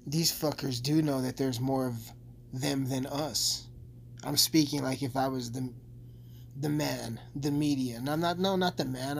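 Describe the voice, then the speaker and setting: A man's voice: mid-range voice, gravelly, slight background noise. A man delivering a rambling, profane comedic rant as a vlogger, full of asides and swearing.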